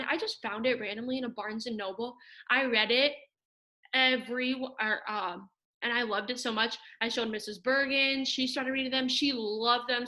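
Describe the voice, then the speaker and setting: Animated teen girl, high voice. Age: late teens. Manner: animated storyteller, often raises her voice. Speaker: high school senior. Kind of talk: casual chat between classmates.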